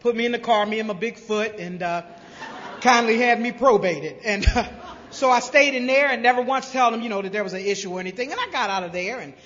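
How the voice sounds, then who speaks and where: A woman from South Carolina telling her recovery story to a crowd, a lively storyteller who acts out voices with humor. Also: a little high, fast talker, slight background noise. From Greenville, South Carolina. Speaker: recovery speaker. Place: large convention hall. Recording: dull lo-fi convention hall recording with long reverb.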